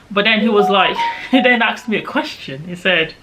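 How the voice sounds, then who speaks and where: A woman's voice: on the low side, lively intonation, brisk, bright, forceful tone, a little hiss or hum. A woman, a vlogger animatedly retelling a travel story with emphatic, indignant asides. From Nigeria. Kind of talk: storytime vlog.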